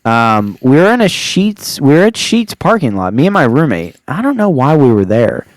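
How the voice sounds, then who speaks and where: Casting note: young male podcast host, smooth clear voice, dry close sound, loose rambling delivery. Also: medium pitch, very animated, moderate pace, no room sound. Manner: rambling, full of fillers and laughing asides. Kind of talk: casual storytelling.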